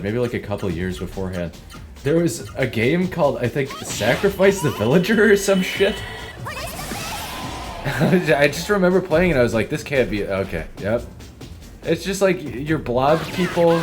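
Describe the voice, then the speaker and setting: A man's voice: on the low side, a little mellow. A young man giving casual gameplay commentary as a streamer, rambling and swearing, and laughing often at his own tangents. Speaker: gaming streamer.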